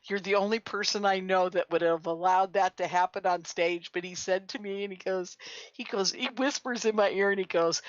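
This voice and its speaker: A woman guest on a radio talk show, telling lively stories and laughing often. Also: medium pitch, moderate pace, no room sound. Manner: animated storyteller, laughs often. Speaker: guest, conference organizer. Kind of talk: casual radio chat. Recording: muffled lo-fi audio.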